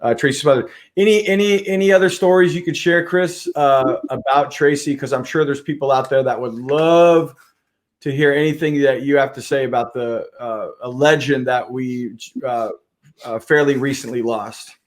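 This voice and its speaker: A man's voice: mid-range voice, normal speed. A man hosting an interview podcast, talking casually with lots of restarts. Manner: rambling, many fillers and restarts. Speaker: podcast host.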